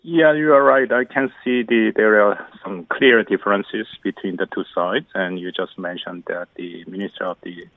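A deep-voiced man from South Korea, speaking English as a second language, gives analysis as a professor over the phone. His delivery is halting, with restarted phrases and small grammar slips. The sound is tinny and dry, like a narrow phone line. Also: fairly even intonation, no echo. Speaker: professor of international studies, guest. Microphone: telephone.

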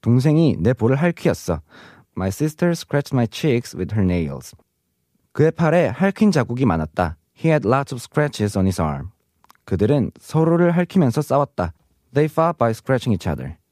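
A male teacher walks through a vocabulary lesson at a rapid clip, with a lively, rising and falling delivery. He rattles off the example sentences and then slows down for each translation. The recording is close and dry. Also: medium pitch, dry recording. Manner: reads the Korean examples briskly and the English translations slowly. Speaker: Korean language teacher.

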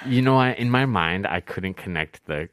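A man's voice: fairly low pitch, expressive, normal speed, a bit bright, no room sound. A man co-hosting a radio riddle show, laid-back and musing aloud about the answers. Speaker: radio co-host. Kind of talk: casual radio chat. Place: radio studio.

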